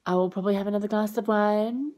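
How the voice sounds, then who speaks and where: A woman's voice: steady tone, fast, a little mellow. A young adult woman vlogging as an au pair, rambling casually with lots of fillers and acting out what people said. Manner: rambling and chatty, full of fillers; acts out quoted lines with high jumps in pitch. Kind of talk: casual chatty vlog.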